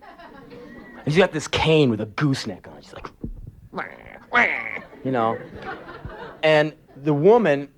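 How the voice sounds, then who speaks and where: A man's voice: fairly high pitch, very animated, takes it slowly, pauses often, a little hiss or hum. A man telling sarcastic, profane anecdotes in a live spoken word performance.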